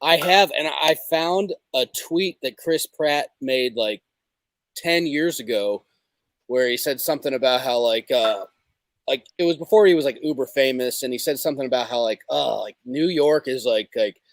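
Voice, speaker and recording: A man's voice: mid-range voice, normal speed, dry recording. A man hosting a casual comedic livestream, rambling and hesitant, with lots of fillers. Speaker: show host.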